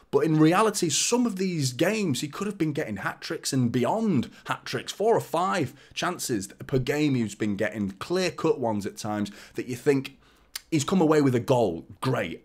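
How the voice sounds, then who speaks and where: Rambling, opinionated man talking football. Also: medium pitch. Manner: rambling and opinionated, with frequent restarts and stammered repeats. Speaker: football fan channel host. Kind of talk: casual football preview monologue.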